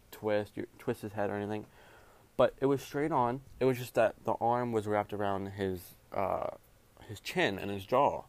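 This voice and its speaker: A young man, a jiu-jitsu referee, ranting in a casual, rambling way, full of swearing and slang. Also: on the low side. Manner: profane, rambling, heavy slang.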